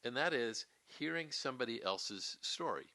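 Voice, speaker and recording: A man's voice: mid-range voice, expressive, moderate pace, sharp tone, dry recording. A man hosting a podcast, reflecting on a guest's point in casual chat. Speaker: podcast host.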